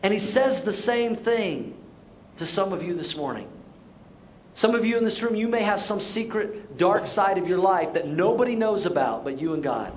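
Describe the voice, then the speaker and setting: A middle-aged man preaching to his congregation in a church auditorium, with a notably high voice. He tells stories lively, voices the people in them, and slows to a deliberate pace for emphasis. A faint room ambience sits under the recording. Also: slight background noise. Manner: storytelling, acts out quotes, shifts to slow emphatic lines. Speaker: pastor. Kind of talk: sermon with personal story.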